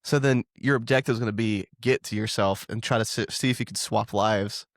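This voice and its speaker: Low-voiced joking podcast host man. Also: steady tone, fairly quick, no echo, studio quality. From Ohio, USA. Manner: joking, laughs often. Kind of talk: casual chat.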